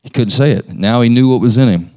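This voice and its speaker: A man's voice: mid-range voice, fairly quick, mellow. A man preaching a sermon, talking conversationally and asking his listeners questions. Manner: conversational, asks the congregation questions.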